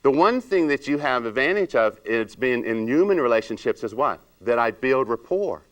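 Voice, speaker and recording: A man leads a salon industry training seminar, posing rhetorical questions to the room and acting out client chats in a raised voice. He's animated, with a mid-range voice at a moderate pace.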